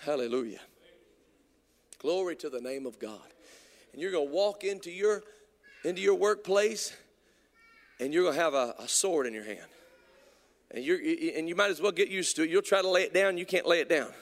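A man from Indiana preaching a sermon, stammering and repeating himself, moving between hushed storytelling and shouted exhortation. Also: fairly high pitch, expressive, moderate pace, pauses often, in a large hall. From Indiana, USA. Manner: stammering restarts, repeated words.

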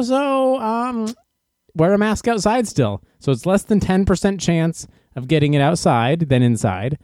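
A man giving casual opinion commentary in an animated, sarcastic way, laughing at his own jokes. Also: high-pitched, unhurried, no echo, studio quality. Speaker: commentary host.

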